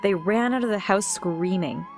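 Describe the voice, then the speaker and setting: A woman's voice: medium pitch, normal speed. A young woman giving a dramatic first-person storytime narration. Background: faint music.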